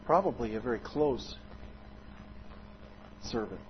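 A man preaching a sermon in an expressive, dramatic way, often swinging his loudness and pitch. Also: slow pace, lo-fi sound, a little hiss or hum.

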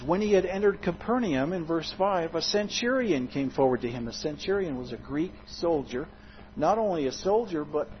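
Expressive male preacher. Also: dull audio, a little hiss or hum. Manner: expressive, dramatic swings in loudness and pitch. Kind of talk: sermon.

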